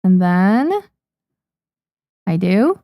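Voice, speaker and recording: A woman's voice: on the low side, expressive, drawn-out words, dark tone, no room sound, studio quality. A young adult woman, a manga artist, chatting casually on a livestream at her desk microphone, thanking viewers with frequent ums. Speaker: manga artist streaming to chat.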